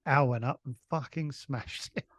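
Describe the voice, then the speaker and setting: A man's voice: mid-range voice, normal speed, fairly bright tone, dry recording. A middle-aged Englishman, a comedian guest, telling a rambling anecdote full of restarts and chuckles. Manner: rambling storyteller with frequent restarts and laughs. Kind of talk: casual anecdote.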